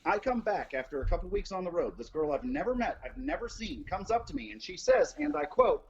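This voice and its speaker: A man's voice: a little fast, vocal fry, slight background noise. A man hosting a live show, casually telling a story and acting out the quotes with big jumps in his voice. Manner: animated, acts out quotes with big pitch jumps, swears freely. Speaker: host. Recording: dull lo-fi sound.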